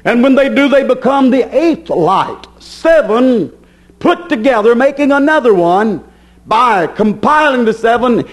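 A man's voice: extremely high pitch, big pitch swings, unhurried. A man preaching a sermon with fervor, building emphatic repetitions.

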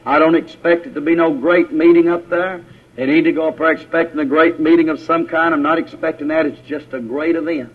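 A man preaches in a folksy way, his voice sitting a little high and swelling up and down as he goes. The sound is dull and lo-fi, like an old church tape. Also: fairly even intonation, brisk. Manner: folksy Southern preaching, rising and falling. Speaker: pastor. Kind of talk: sermon. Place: church service.

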